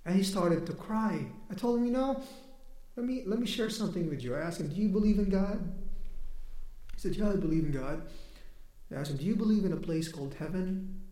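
His voice is high, animated, warm, and a little fast as he delivers a conversational sermon in an echoey room. The preacher tells a personal story, quotes people, and laughs between points.

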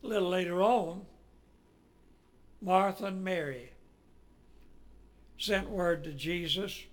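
A man preaching a sermon in a folksy, storytelling way, rising dramatically when he quotes. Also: sits high. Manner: folksy, slow, with dramatic rises when quoting.

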